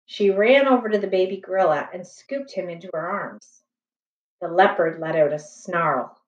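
A woman reading a children's chapter book aloud in a slow, gentle, expressive way. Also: on the low side. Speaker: storybook reader. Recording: echoey room, distant, slightly dull.

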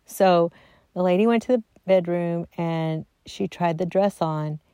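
A middle-aged woman casually telling a personal family story, chatty and animated, acting out quotes and dropping into soft asides. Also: fairly low pitch, measured pace, clear, resonant tone, dry recording.

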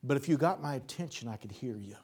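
A man preaching a sermon in plain folksy speech, repeating words for emphasis and swinging from loud bursts to low, soft phrases. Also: lively intonation, fast talker, husky.

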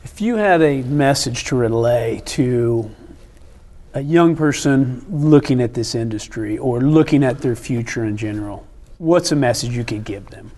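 A man's voice: medium pitch, lively intonation, unhurried, darkish tone. A man hosting a podcast who introduces his guest formally and asks him questions. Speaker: podcast host.

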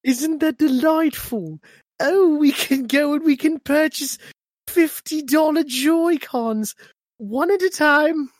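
A prissy, gushing fake-British voice, as a man puts it on for a comic podcast bit. It swoops high and sing-song, drawn out with mock delight. The sound is dry and close. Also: slow pace, dry recording. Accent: put-on British.

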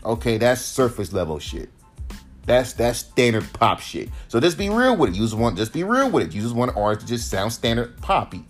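A man's voice: mid-range voice, sing-song, a little fast, faint music behind. A man who raps hosts his own podcast, ranting in a heated, profane, emphatic way. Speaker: rapper and podcast host. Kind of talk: solo podcast rant.

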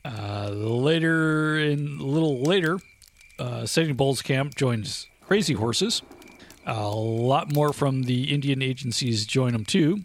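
A man's voice: medium pitch, slow. A man co-hosting a podcast, telling history in a laid-back, profane way with lots of filler. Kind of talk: casual profane history chat.

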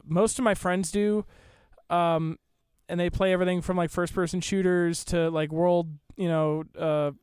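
A man's voice: sits high, fairly even intonation, normal speed, darkish tone, smooth, dry recording, clean studio sound. A young man as a guest in a casual chat, talking in a hesitant, rambling way and swearing casually.

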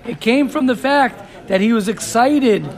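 A man giving a Torah class, reading Hebrew text quickly and then explaining it with excitement, often asking "right?" and "you hear this?". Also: very high voice. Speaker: Torah teacher.

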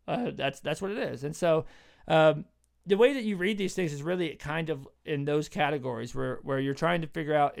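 Higher-voiced man talking animatedly about scripture. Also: vocal fry. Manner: animated, acts out quoted voices, many fillers. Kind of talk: casual theological discussion.

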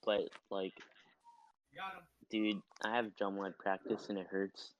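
A man's voice: fairly low pitch, flat delivery, slow pace, dull audio. A teenage boy co-hosting a podcast, trading goofy, self-deprecating banter with his friends. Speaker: podcast co-host. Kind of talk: casual chat.

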